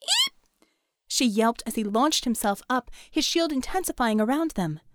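A woman reading an audiobook aloud in a brisk, engaged storytelling style. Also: fairly high pitch, animated, background noise. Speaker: audiobook narrator. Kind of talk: scripted narration.

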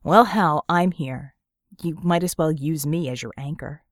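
A woman voicing a blunt, sarcastic young man in an audiobook, with a lowered, clipped delivery. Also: measured pace, dry recording, clean studio sound. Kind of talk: audiobook character voice.

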